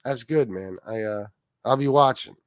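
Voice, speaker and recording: A man's voice: mid-range voice, normal speed, no echo. A man hosting a casual livestream, rambling, swearing freely and reacting to chat comments. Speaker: livestream host.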